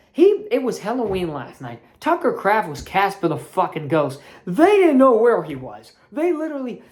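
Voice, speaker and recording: Fired-up woman ranting about sports. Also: darkish tone. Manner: profane, fired-up ranting with big swings in pitch. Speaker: sports channel host. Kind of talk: ranting sports commentary vlog.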